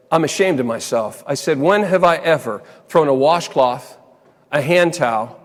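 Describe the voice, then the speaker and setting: A man giving a motivational keynote, telling a funny story that turns earnest, in a big hall. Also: fairly high pitch. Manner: animated comic storytelling that turns quiet and earnest. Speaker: motivational speaker. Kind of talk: storytelling keynote speech to a live audience. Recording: long hall reverb from a large venue.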